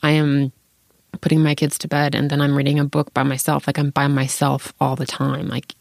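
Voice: medium pitch, completely flat delivery, moderate pace, gravelly, no echo, clean studio sound. A parent in their thirties in candid casual chat, open and frank, swearing freely and laughing between thoughts.

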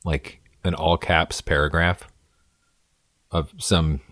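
A man's voice: rumbling low, little pitch movement, takes it slowly, fairly bright tone, dry recording, clean studio sound. A man co-hosting a podcast, reacting in casual conversation and swearing freely.

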